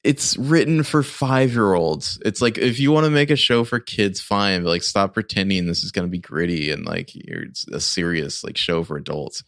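A man's voice: low-pitched, moderate pace, hardly any pauses, a bit bright, dry recording, clean studio sound. A man in his forties chatting casually as a podcast co-host, rambling and full of fillers. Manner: rambling, filler-heavy fan critique. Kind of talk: casual chat.

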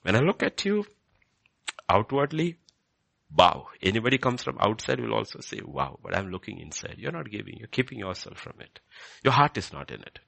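A man preaching a sermon, animated and repetitive, building to emphatic peaks. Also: lowish voice, normal speed, vocal fry, no echo.

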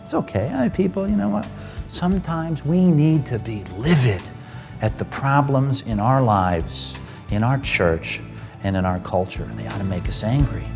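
A male pastor preaching an emphatic sermon, swinging between loud stress and hushed, quiet lines. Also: mid-range voice, animated, moderate pace, vocal fry, over music. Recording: broadcast sermon with long hall reverb.

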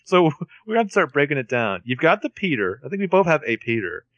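A man with a lively, swooping voice tells the story of the episode in casual chat, dropping quips along the way. The sound is close and dry, with no room around it. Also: fairly high pitch, fairly quick, dry recording, dull audio. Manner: expressive, joking, narrates plot beats with quips. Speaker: podcast co-host recapping a TV episode.

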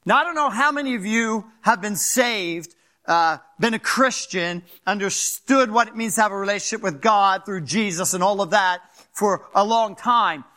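Fast, animated older pastor from Philadelphia. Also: male voice, sits high. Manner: animated, fast-talking, asks the crowd "right?". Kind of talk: sermon.

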